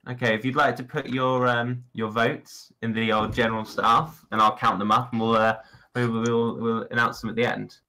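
A young man with a bright, forward voice chats loosely through a game stream, circling back over his own words and tossing in jokes. His pitch sits in an ordinary middle range. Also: flat delivery, normal speed, poor audio. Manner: rambling, jokey, repeats himself. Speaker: streamer judging builds. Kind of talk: casual gaming stream chat.

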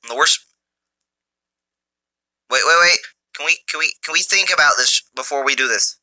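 A man giving mobile gameplay commentary through a phone's built-in mic, excitable and jokey, taunting his enemies. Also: a little high, brisk, long pauses, dry recording. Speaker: gamer.

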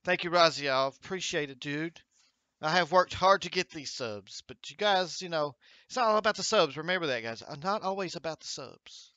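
A man's voice: on the high side, expressive, moderate pace, bright, forceful tone, no echo, lo-fi sound. A man hosting a gaming livestream at home, chatting upbeat and encouraging while reading viewer comments aloud. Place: home streaming setup with green screen.

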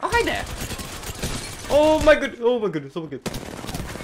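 A man's voice: very high voice, normal speed, a little hiss or hum. A man giving live commentary over his own gameplay, taunting opponents and talking to himself as he plays. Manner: animated, taunts enemies, talks to himself. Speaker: gaming streamer.

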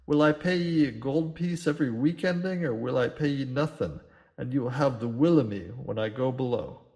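A man plays a blustering, drunken old sea captain who roars his words in thick old sailor dialect. He is menacing and coarse, the kind of figure who shouts through a door in a storybook tale. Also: medium pitch, normal speed, lightly acted. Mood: weary. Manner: loud gruff bellowing, old seafaring dialect.

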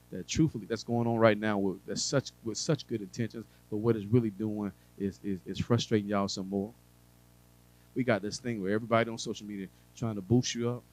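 A preacher giving a sermon to a congregation, talking conversationally with humor and asides, swinging between quiet drawn-out phrases and loud emphasis. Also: male voice, medium pitch, no echo, rough recording.

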